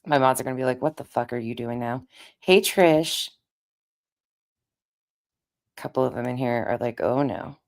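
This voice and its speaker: Raspy, very low-voiced woman streamer. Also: moderate pace, pauses often, darkish tone. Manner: chatty, greets viewers by name. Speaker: live streamer. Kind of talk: casual live-stream chat.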